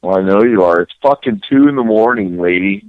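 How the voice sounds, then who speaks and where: Deep gruff man on a dull phone line. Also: a little fast, dry recording. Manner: gruff, blunt and irritated. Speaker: prank call target. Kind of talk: annoyed phone conversation.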